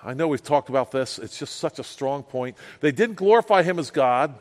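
A man preaching a sermon with passion, swinging from loud outbursts to hushed asides. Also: mid-range voice, expressive, normal speed, hardly any pauses. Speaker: pastor. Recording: long reverb of a church hall.

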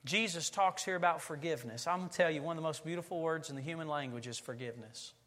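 Male pastor, forties, sermon, animated storytelling, forceful bright tone, long hall reverb. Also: a little high, fast talker. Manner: animated storytelling preacher, acting out family scenes. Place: church sanctuary.

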